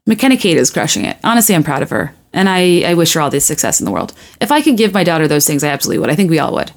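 A woman's voice: fairly low pitch, lively intonation. A woman hosting a podcast in a casual monologue. She rambles, restarts her sentences and laughs at her own self-deprecating asides. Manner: restarts often and stacks quick asides. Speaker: podcast host.

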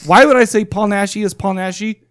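A man's voice: high-pitched, fairly quick, a bit bright, clear, resonant tone, no echo. A man co-hosting a podcast in casual chat, rambling and joking with frequent laughs. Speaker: podcast co-host.

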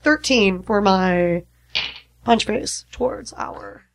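A woman playing in a tabletop game, playful and enthusiastic and quick to laugh. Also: mid-range voice, noisy background. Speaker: player. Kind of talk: tabletop role-play chat.

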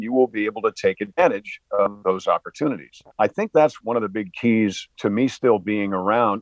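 A man's voice: on the low side, no echo, muffled recording. A man in his sixties, an actor and singer-songwriter, talking casually and upbeat in an interview, expansive and motivational. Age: 60s.

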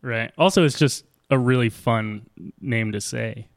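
Young man, co-host, quick to laugh, self-mocking jokes, mid pitch, dry close mic. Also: vocal fry, dry recording. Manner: laughs often, self-deprecating joker. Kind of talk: casual podcast chat.

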